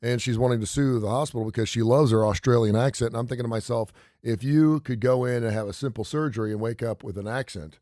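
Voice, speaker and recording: A man's voice: mid-range voice, mellow, dry recording, studio quality. A man co-hosting a radio show in casual chat, rambling and joking. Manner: quick, rambling, jokey. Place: radio studio.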